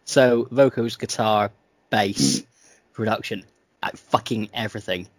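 A man's voice: fairly low pitch, a little slow, dry recording. Young welsh guy on a podcast, swears a lot and laughs, dry close sound. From Wales. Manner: crude, jokey, laughs often. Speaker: podcast co-host. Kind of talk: casual chat.

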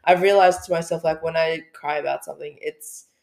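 A woman from Australia co-hosting a podcast, talking in a reflective, earnest way with soft laughs. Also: low-pitched, fairly even intonation, fairly quick, vocal fry. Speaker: podcast co-host. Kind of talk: casual chat. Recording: echoey room.

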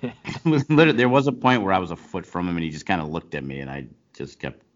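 Very deep-voiced man telling a story. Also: fast, muffled recording. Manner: animated storytelling, frequent restarts and laughs. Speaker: co-host, baseball coach. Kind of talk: casual chat.

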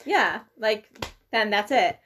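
A woman's voice: medium pitch, animated, slow pace, fairly bright tone, slight background noise. A young American woman chatting casually with a friend, often trailing off mid-thought. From United States. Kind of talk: casual chat.

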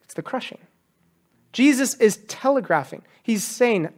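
Animated male preacher. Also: high voice, normal speed. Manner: animated preaching, acts out quotes with raised voice. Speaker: pastor. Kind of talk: sermon. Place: church.

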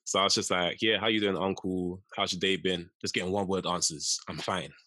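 A man's voice: sits low, brisk, no echo. A young man, co-hosting a casual chat and telling a story with lots of acted-out quotes and laughter. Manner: animated storyteller, acts out quotes, laughs often. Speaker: podcast co-host.

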